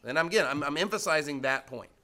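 A man's voice: a little high, fast, pushed and bright. A man teaching the Bible in a casual, conversational way, full of rhetorical questions and emphatic repetition. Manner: emphatic, repeats his points.

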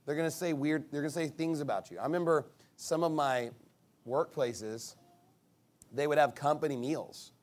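A man's voice: fairly high pitch, normal speed. A man preaching a casual, conversational sermon, telling stories and mimicking other people's reactions. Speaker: pastor.

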